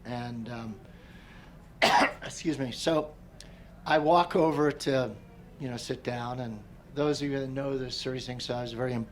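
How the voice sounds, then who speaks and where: A middle-aged man teaching a meditation class, telling a personal story in a relaxed, conversational way and often clearing his throat. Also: mid-range voice, measured pace, a little hiss or hum. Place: large tent at an outdoor gathering.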